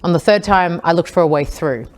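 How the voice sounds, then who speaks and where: A woman's voice: fairly low pitch, brisk, darkish tone. A woman with an Australian accent, a podcast guest earnestly telling the story of her hardest times. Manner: earnest, reflective, recounting hard times. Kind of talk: candid personal storytelling.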